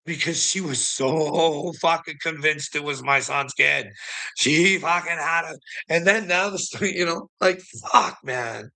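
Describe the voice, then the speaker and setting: A man's voice: a little high, a little slow, gravelly, pushed and bright. Swearing man ranting bitterly. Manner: heavy swearing, bitter and indignant. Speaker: streamer. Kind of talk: angry livestream rant.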